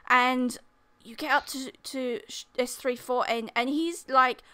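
A woman dungeon master narrating a tabletop game in a chatty, lively way. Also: high voice, measured pace, clear, resonant tone. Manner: lively, chatty, laughs often.

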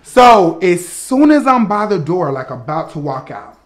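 A young man with a notably high voice tells a comic story from his own life in a loose, animated way. He swears freely and keeps laughing through his own telling. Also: unhurried. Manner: animated, profane, laughing as he talks. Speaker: guest storyteller.

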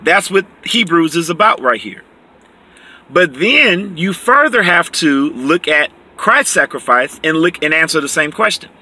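A man teaching from the Bible, reading verses slowly and explaining them emphatically, often checking in with "okay?". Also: on the high side, animated, pushed and bright. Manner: reads scripture slowly and deliberately.

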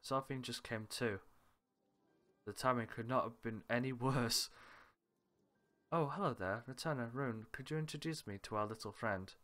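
A man's voice: medium pitch, moderate pace, long pauses, fairly bright tone, soft background music. A man reading aloud every character's lines of a visual novel, switching between characters with small laughs and asides. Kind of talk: reading game dialogue aloud with light character voices.

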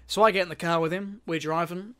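This Australian man co-hosts a podcast and tells a long, casual story full of repeated words and loose swearing. His voice is high and fairly bright, with a steady tone and a quick pace.

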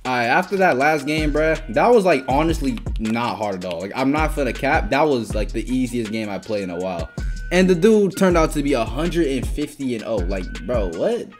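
A young man talks through a video game match in a loose, profane stream of commentary. His pitch swings wildly between muttering and excited shouts. Music plays underneath. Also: moderate pace. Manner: excitable, swears a lot, trash-talks teammates and opponents. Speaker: gaming YouTuber. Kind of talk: casual gameplay commentary. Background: background music.

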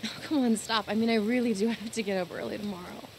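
A woman's voice: medium pitch, steady tone, fast, darkish tone, slight background noise, close to an everyday voice. An actress playing a young woman scientist in a video game, wry and teasing, with a dry, easily amused manner. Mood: weary. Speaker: game character. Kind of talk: video game dialogue acting.

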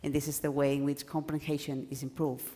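A woman whose first language is Spanish gives a lively workshop lecture to doctoral students, acting out examples and often restarting her sentences. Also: low voice, brisk. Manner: animated, acts out examples, stumbles and restarts. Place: lecture hall. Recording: lecture hall with long reverb.

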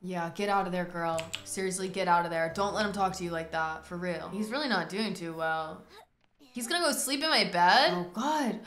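Woman host, casual gameplay commentary, bright and edgy, dramatic reactions, roomy echo. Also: fairly low pitch, normal speed, a little hiss or hum. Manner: excitable, dramatic reactions to the game. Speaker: gaming video host.

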